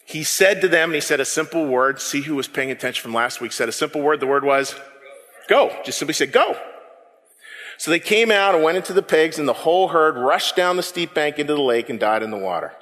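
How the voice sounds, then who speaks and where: Animated man preaching in a reverberant hall. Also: on the high side, quick pace, hardly any pauses. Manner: animated, repeats words when excited. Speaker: pastor. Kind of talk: sermon.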